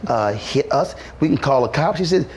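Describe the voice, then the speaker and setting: A male talk show host telling a story bluntly, with profanity and quick asides. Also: fairly high pitch, expressive, heavy background noise. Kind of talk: casual talk-show chat.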